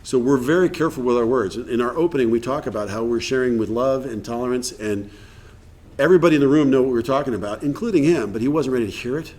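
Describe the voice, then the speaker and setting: A man's voice: mid-range voice, fast talker, darkish tone. A man leading a recovery workshop in a meeting room, talking earnestly and acting out bits of dialogue. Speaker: workshop speaker.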